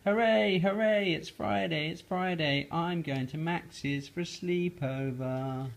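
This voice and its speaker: A man voicing an excitable young boy frog in a storybook read-aloud, eager and bouncy. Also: normal speed, a little hiss or hum. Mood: excited. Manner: eager, bouncy, high and loud.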